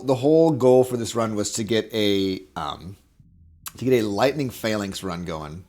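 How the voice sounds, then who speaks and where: A man's voice: lowish voice, animated, measured pace, darkish tone. Rambling, jokey gaming streamer guy. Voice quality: jokey, rambling, chuckles at his own jokes. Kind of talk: casual live-stream game commentary. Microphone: desk microphone.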